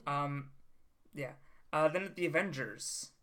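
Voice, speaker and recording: Bright-voiced young man, animated and swearing. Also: fairly high pitch, takes it slowly. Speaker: podcast co-host. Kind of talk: casual chat.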